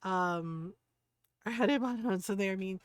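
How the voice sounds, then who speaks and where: A woman's voice: medium pitch, measured pace, smooth, dry recording, studio quality. A middle-aged woman streaming a video game, chatting casually in a rambling way with lots of fillers and easy laughs. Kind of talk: casual livestream commentary.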